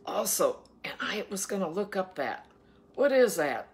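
A woman's voice: medium pitch, sing-song, measured pace. A woman from Ohio, reading the Bible aloud and breaking off for chatty, folksy asides and questions to her listeners. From Ohio, USA. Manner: chatty, asks listeners playful questions between verses. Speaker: daily Bible reader and host.

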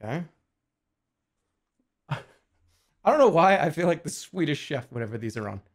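While doing a puzzle on a casual livestream, a man in his forties chats with his viewers, throwing in jokes and swearing. His slightly high voice has a sing-song quality and a somewhat slow pace.

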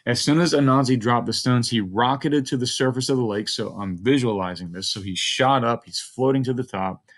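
A man's voice: medium pitch, fairly quick. A male teacher reading a story aloud to children, thinking aloud and asking the listener questions as he models a close read.

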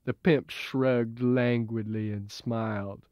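A man reading his own novel as an audiobook in a measured, even way, heard as dull old tape. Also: medium pitch, no room sound. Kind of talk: audiobook narration.

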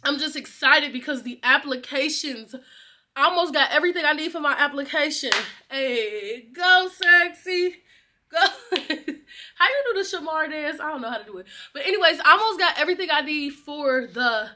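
A young woman chats to her vlog camera in a high, bright voice. She is excitable and slangy and laughs easily. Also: brisk, slight background noise. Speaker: vlogger. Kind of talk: casual vlog chat.

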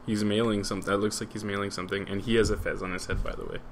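A man's voice: fairly low pitch, flat delivery, fast, a little hiss or hum. A man commenting on his friend's gameplay and teasing him in a dry way. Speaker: gamer co-host. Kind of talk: casual let's-play banter.

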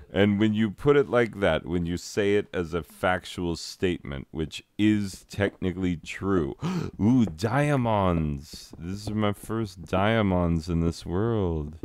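A man in his thirties rambles through a gaming commentary at an unhurried pace, his voice sitting very low. His tone is smooth and clear, and he keeps cracking self-deprecating jokes. The sound is dry and close to the microphone. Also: darkish tone, no echo. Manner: self-deprecating, rambling, breaks into sung asides. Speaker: teacher and gaming vlogger. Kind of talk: rambling casual commentary over gameplay.

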